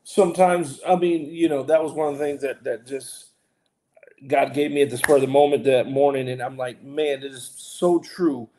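A man's voice: medium pitch, fairly even intonation, a little fast, a little mellow. A man co-hosting a casual Bible talk show as pastor, talking earnestly with lots of restarts and preacherly emphasis. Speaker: pastor and co-host.

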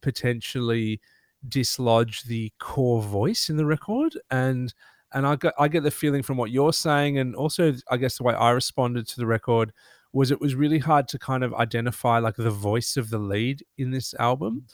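A man's voice: medium pitch, moderate pace, no echo, studio quality. A man with an Australian accent hosting a casual panel discussion, rambling with many fillers as he works toward his point. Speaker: panel host.

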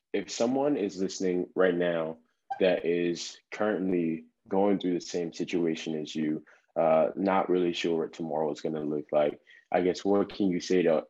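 A man hosts a casual interview, relaxed and full of slangy encouragement. His voice is low and mellow. The recording sounds slightly dull and lo-fi. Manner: laid-back, encouraging, slangy. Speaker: podcast host.

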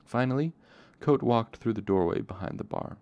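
A man reading a novel aloud in a plain, steady narration. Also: mid-range voice, moderate pace, no echo, dull audio. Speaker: audiobook reader.

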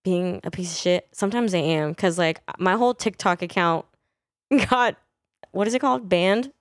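A young woman from Northern California chats on a podcast in a blunt, profane way, laughing easily. Her voice sits low for a woman, smooth and clear. The sound is dry and close, with no room around it. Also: normal speed, no room sound. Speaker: podcast guest. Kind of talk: casual podcast chat.

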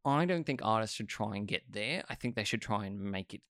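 Guy hosting a laid-back chat, gravelly voice, lots of likes, dry sound. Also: lowish voice, brisk, no room sound. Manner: relaxed, filler-heavy conversational talk. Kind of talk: casual chat.

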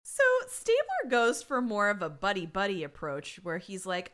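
A woman's voice: mid-range voice, huge pitch swings, moderate pace, few pauses, fairly bright tone. A woman co-hosting a podcast, retelling an episode sarcastically and acting out the characters' lines. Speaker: podcast co-host. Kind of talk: casual recap chat.

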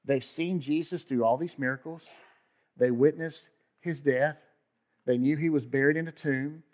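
A man preaching a sermon as pastor, talking conversationally, swinging from loud emphasis to hushed asides and acting out quoted voices. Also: fairly high pitch, moderate pace. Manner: acts out quoted voices with sudden outbursts.

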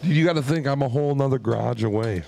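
A man's voice: mid-range voice, fast, vocal fry, a little mellow, a little hiss or hum. A man co-hosting a casual podcast from a garage, cutting in with blunt, swearing, teasing remarks. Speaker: podcast co-host. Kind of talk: casual chat.

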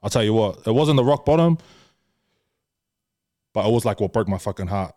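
This is a clean, dry studio recording of a young man on a podcast, with no room sound. His voice sits on the low side with a dark tone, and his delivery is fairly quick with lively intonation. He tells candid, casual stories from his life, cursing freely and throwing "bro" at everyone.

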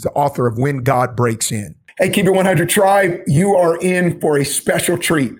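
A man with a fairly high voice co-hosts a podcast. He speaks in an excited, emphatic way, repeating phrases for effect. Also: slight background noise. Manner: hyped, emphatic. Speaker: podcast co-host. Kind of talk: casual podcast hosting.

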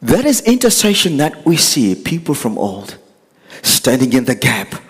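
A man preaching with a husky, breathy edge to his mid-pitched voice. His delivery is earnest and rises to impassioned pleading. The sound rings out with a long hall reverb. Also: huge pitch swings, a little slow. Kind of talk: sermon.

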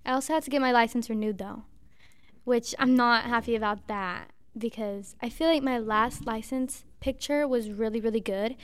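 Young woman, late teens, high pitch, smooth clear tone, chatty, rambling, casual talk. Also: moderate pace, no echo. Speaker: host. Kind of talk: casual chat.

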